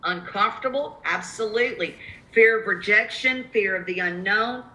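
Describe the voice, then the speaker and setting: A woman's voice: mid-range voice, moderate pace, bright, forceful tone, echoey room, a little hiss or hum, rough recording. A woman with a Southern accent coaching real estate investors on cold calls in a live webinar, emphatic and repeating her key points.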